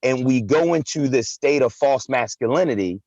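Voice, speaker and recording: A man's voice: medium pitch, expressive, normal speed, darkish tone, dry recording, muffled recording. A man hosting a live talk show, chatting casually and animatedly, often repeating words and saying "man" and "right". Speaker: host. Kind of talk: casual chat.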